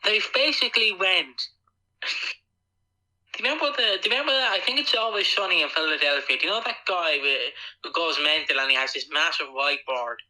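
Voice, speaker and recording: Guy on a podcast, really bright sharp voice, lively, a bit radio-sounding. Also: a little high, fairly quick, low-quality recording. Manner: animated, mimics people with silly voices. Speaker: podcast co-host. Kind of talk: casual chat.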